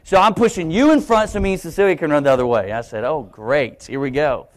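A young adult man preaching a sermon in a church, telling a personal story with animated shifts in voice as he acts out his own thoughts. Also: fairly high pitch, fast talker. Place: church sanctuary, live stream.

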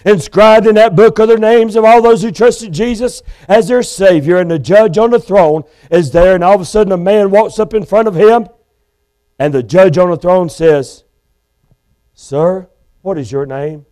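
A man's voice: sits high, moderate pace, warm tone. A male Baptist preacher delivering a sermon in a church, urgent and pleading with his listeners. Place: church sanctuary.

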